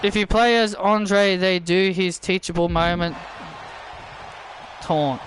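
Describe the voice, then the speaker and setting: A man doing excitable play-by-play wrestling commentary over a video game, shouting on big moves and repeating himself. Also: high voice, slow pace, noisy background.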